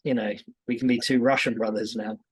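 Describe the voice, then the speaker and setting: A man's voice: mid-range voice, flat delivery, brisk, slightly rough. A British man co-hosting a podcast, chatting through Bible passages eagerly with frequent fillers. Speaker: podcast co-host. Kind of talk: casual Bible study chat.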